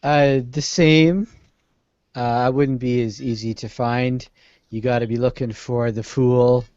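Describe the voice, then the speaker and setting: A man's voice: mid-range voice, steady tone, unhurried, a little mellow, smooth, no room sound, highs cut off. A man co-hosting a casual podcast who makes short, wry remarks. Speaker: podcast co-host. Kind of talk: casual chat.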